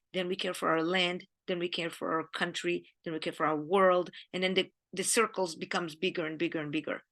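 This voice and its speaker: Earnest Israeli woman, bright voice. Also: medium pitch. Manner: earnest, grieving, speaks in short emphatic phrases. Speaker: Jewish teacher. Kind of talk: heartfelt talk on the weekly Torah portion.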